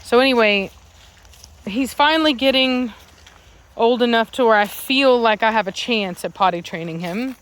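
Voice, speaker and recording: A woman's voice: a little high, moderate pace, a bit bright. A woman dog breeder chatting casually about her puppies and their training, breaking into cooing baby talk at the dogs. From Virginia, United States. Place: home with dogs around.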